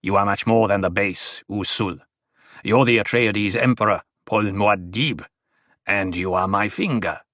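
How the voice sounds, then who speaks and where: A man voicing a wry, riddling male dwarf jester in an audiobook, speaking in punning, singsong riddles at an unhurried pace. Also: on the low side, a bit bright, no echo, studio quality. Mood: mocking.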